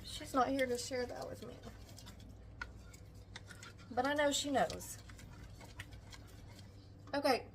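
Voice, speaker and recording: Speaking slowly with long pauses, an older woman cooks at home and chats casually with her viewers, tender and emotional. Her voice is high-pitched with fairly even intonation, and the rough recording has slight background noise.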